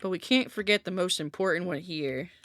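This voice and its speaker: Her lowish voice is brisk and fairly bright. She's live-streaming from a window-side room at home into a desk streaming mic, chatting with viewers in a rambling way, laughing often and letting out light swears.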